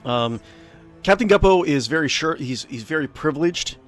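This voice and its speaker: A man's voice: fairly high pitch, animated, moderate pace, faint music behind. A man casually commentating his own video game playthrough, rambling with lots of fillers. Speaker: let's play host.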